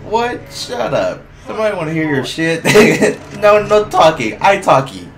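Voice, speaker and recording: A man streaming a shooter game, swearing, laughing and reacting loudly as he plays. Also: on the high side, very animated, measured pace. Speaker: gaming streamer. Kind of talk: casual gameplay commentary.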